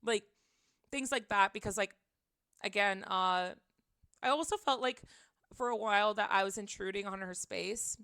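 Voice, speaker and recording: A woman chatting on a home livestream, rambling and giggly, with many filler words and sudden excited reactions to her chat. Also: medium pitch, clean tone, no echo, clean studio sound. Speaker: streamer.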